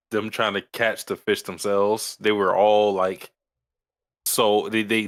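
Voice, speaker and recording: A man co-hosting a podcast in casual chat, halting and repeating words as he recounts scenes. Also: fairly low pitch, fairly bright tone. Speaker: podcast co-host.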